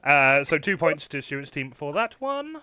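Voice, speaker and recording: Bright-voiced British quizmaster. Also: male voice, fairly high pitch, big pitch swings, a little slow, clean tone, no echo. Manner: chatty, laughing, trails off into mumbles. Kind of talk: hosting a comedy panel game.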